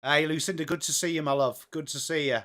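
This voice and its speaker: Fast-talking and steady in tone, this Englishman has a slightly high, somewhat bright voice. He's hosting a football watchalong stream live, chatting casually and greeting viewers by name in an upbeat manner.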